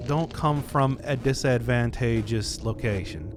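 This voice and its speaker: A man commenting on a puzzle game as he plays, thinking aloud and hesitating, with sudden bursts of excitement. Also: medium pitch, a little slow, long pauses, soft background music. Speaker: let's play host. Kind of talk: let's play commentary.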